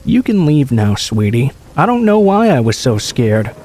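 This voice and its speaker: A man's voice: medium pitch, big pitch swings, moderate pace, a little mellow, slight background noise, lightly acted. A man voicing a dazed, grieving elderly mother who talks with eerie cheer and snaps when touched. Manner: cheerful yet eerie, then snapping.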